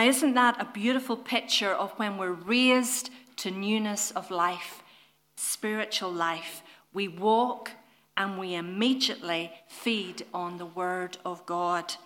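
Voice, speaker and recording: Woman preaching a sermon, earnest and gentle, keeps asking the congregation questions. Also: medium pitch.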